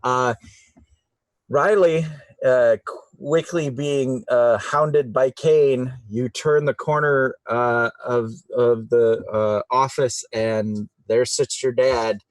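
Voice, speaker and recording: A man narrating as game master of a tabletop game, halting and restarting as he describes scenes. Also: medium pitch, steady tone, dry recording. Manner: slow, halting, many fillers and restarts.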